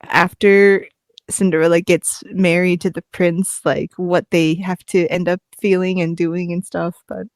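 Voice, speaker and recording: A woman co-hosting a podcast in casual chat, animated and often laughing. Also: fairly low pitch, no echo. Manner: animated, laughing, quick asides. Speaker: podcast co-host.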